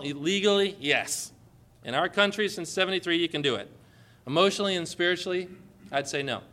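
A man preaching a sermon with passion, building to emphatic, forceful proclamations. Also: on the high side.

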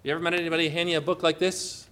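Bright high-voiced guy preaching a sermon, punchy, keeps asking the crowd questions. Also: level tone, very fast. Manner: emphatic, asks the congregation questions. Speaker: pastor.

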